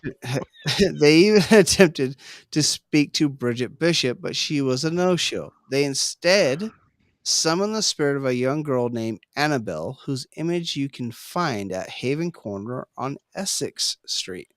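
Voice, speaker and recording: A man co-hosting a relaxed talk show over drinks, his voice bouncing up and down as he reads out stories. He laughs often and chats easily with his co-host. The sound is dry and close to the mic. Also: mid-range voice, a little slow, dry recording. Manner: animated, laughs often, reads notes aloud. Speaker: podcast co-host. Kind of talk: casual chat over drinks.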